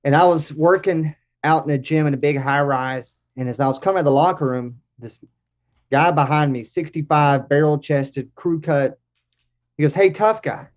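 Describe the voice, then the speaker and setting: An American man in his forties, a podcast guest telling lively anecdotes. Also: fairly high pitch, moderate pace. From United States. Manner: lively anecdotes with acted-out quotes. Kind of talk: casual storytelling.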